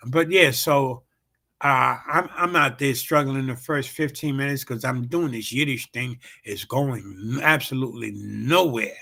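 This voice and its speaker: A man hosts his own talk show and tells a long, rambling story as a comedian would. His voice has a rough, gravelly edge and a forceful, bright push. He swears freely and fills his talk with uhs and repeated sound effects. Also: medium pitch, a little slow. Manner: rambling and profane, heavy on fillers and repeated "bam, bam". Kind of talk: casual storytelling on a livestream show.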